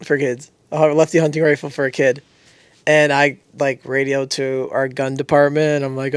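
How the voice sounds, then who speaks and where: A young man co-hosting a podcast, telling stories with animated energy and frequent laughter. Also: mid-range voice, moderate pace, clear, resonant tone, no room sound. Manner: animated storytelling, laughs often. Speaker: podcast co-host. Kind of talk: casual chat.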